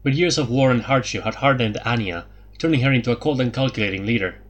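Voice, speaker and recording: A man narrating a fantasy audiobook at a steady, even pace. His voice sits at an ordinary middle pitch, reading the story through plainly. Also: fast.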